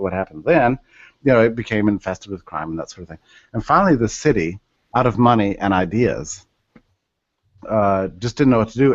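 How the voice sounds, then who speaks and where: A man's voice: on the low side, no room sound, lo-fi sound. A man telling a story as a podcast guest, acting out the voices of the people he quotes. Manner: animated, acts out quoted voices.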